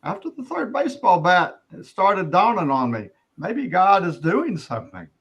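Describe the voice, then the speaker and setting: A middle-aged man giving an earnest personal testimony as an interview guest, often halting and restarting his sentences. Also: high-pitched, sing-song, fairly bright tone, breathy edge, highs cut off.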